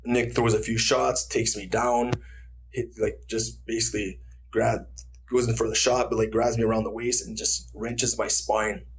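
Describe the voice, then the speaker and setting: Animated man telling a fight story. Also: lowish voice, moderate pace, slight background noise. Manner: animated storyteller, acts out quotes, swears freely. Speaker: guest, retired fighter. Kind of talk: casual storytelling interview.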